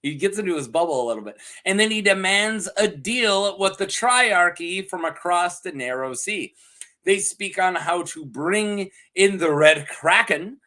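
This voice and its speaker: A man's voice: high voice, lively intonation, sharp tone. Giggly man recapping a show. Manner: giggly, acts out characters in quick voices. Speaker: podcast reviewer. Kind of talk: casual scripted recap.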